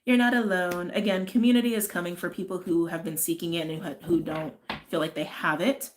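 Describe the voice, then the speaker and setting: A woman with a slightly low voice gives a relaxed spiritual reading. She talks in a chatty, rambling way, wandering into tangents and checking in with her listeners. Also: fairly quick. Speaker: tarot and astrology reader. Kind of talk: casual spiritual reading chat.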